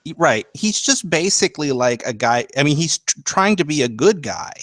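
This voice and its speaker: A man's voice: a little high, sing-song, normal speed, a bit bright, no room sound. A man co-hosting a podcast, musing and hedging as he thinks aloud in casual banter. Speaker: podcast co-host.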